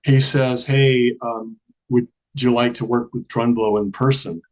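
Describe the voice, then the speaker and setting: A man's voice: medium pitch, steady tone, measured pace, a little mellow, rough recording. A man telling a long personal story in a casual interview, acting out the dialogue and laughing often. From Charleston area, American South. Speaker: guest.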